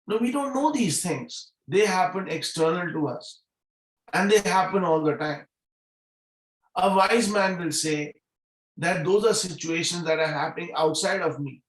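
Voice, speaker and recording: A man's voice: high-pitched, measured pace, fairly bright tone, roomy sound, poor audio. A middle-aged man speaking as a guest at a business meeting over a video call, earnest and repeating key phrases for emphasis. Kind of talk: motivational talk on a video call.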